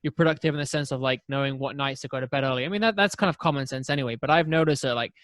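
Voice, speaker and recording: A man co-hosting a podcast in casual chat, rambling through stories and breaking into high-pitched impressions of people he quotes. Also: rapid-fire, fairly bright tone, dry recording, clean studio sound. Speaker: podcast co-host.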